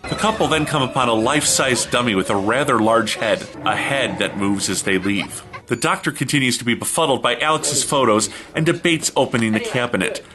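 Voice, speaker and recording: A man hosting a comedy review show, giving a snarky, deadpan recap narration. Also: medium pitch, a little fast, few pauses.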